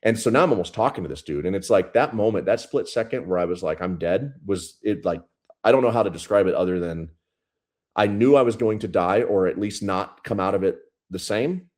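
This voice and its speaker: A man's voice: on the low side, animated, fairly quick, a little mellow. A man in his thirties, a police sergeant guest, telling a story bluntly and profanely in a casual interview. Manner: blunt, profane, intense retelling.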